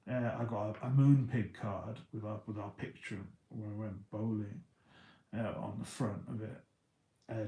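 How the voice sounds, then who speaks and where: A man's voice: fairly low pitch, fairly even intonation, moderate pace, dark tone, roomy sound, rough recording. A man telling a long story on a casual livestream, stumbling over restarts and repeating words as he goes.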